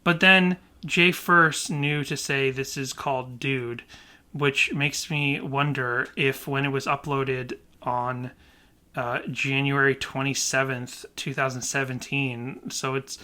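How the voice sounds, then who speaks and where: Bright-voiced animated male podcaster. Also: mid-range voice, takes it slowly. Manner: animated, puzzled, laughs often. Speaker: podcast co-host. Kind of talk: casual podcast chat.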